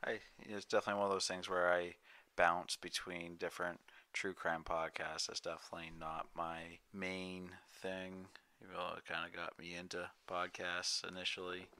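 A man's voice: low voice, level tone, normal speed, pushed and bright, clean tone, no room sound. A man co-hosting a casual book podcast, teasing and easygoing. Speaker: podcast co-host.

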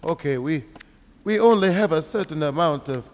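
Loud, high-voiced gaming host. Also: male voice, animated, normal speed. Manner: profane, shouting reactions, jokey. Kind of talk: crude, loud gameplay commentary.

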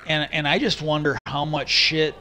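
A man's voice: fairly high pitch, little pitch movement, normal speed, pushed and bright, a little hiss or hum. A man streaming live, telling a long casual story, retelling conversations with "he goes" and "I go" and swearing freely. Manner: rambling, retells talks with "he goes" and "I go".

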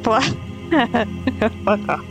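A woman with a slightly high voice speaks very slowly while playing a video game, in a rough recording with game music behind her. As a streamer doing casual let's play commentary, she chats, swears, laughs, and reads dialogue choices aloud.

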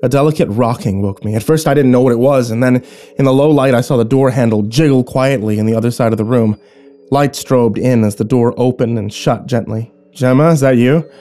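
Mellow-voiced man narrating horror. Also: medium pitch. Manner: measured, hushed and tense. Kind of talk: scripted first-person horror narration.

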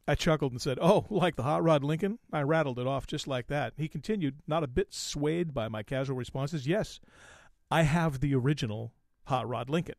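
A man hosting an automotive podcast, telling a story in a folksy, animated way and acting out the quoted lines. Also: a little high, moderate pace, no echo, studio quality. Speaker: podcast host.

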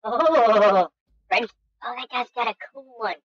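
A woman hosting a let's-play game commentary, goofy and excitable, talking to herself and making silly sound effects. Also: on the high side, a little slow, no echo. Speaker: gaming channel host. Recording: dull lo-fi dry recording.

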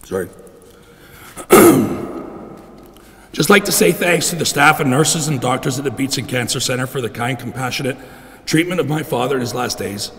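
A middle-aged man giving a heartfelt funeral eulogy for his father in a church, clearing his throat often. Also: medium pitch, brisk, sharp tone. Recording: long reverb in a church.

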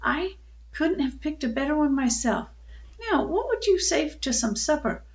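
A kindly, motherly old farm woman speaks gently and with praise in a storybook reading, as a woman puts her on. The voice sits a little high and the recording sounds dull and lo-fi. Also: expressive, normal speed.

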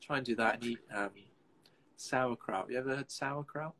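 A man's voice: medium pitch, moderate pace, fairly bright tone. A man hosting a casual live video chat over a phone, easygoing and teasing.

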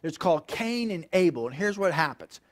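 A man preaching a sermon in a chatty style, checking in with "okay" and building to loud, emphatic points. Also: on the high side, big pitch swings, fairly quick. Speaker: pastor.

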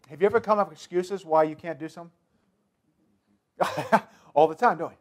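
A man's voice: on the high side, fairly quick, long pauses. A man pastor preaching a sermon, emphatic and repetitive, speaking directly to the congregation.

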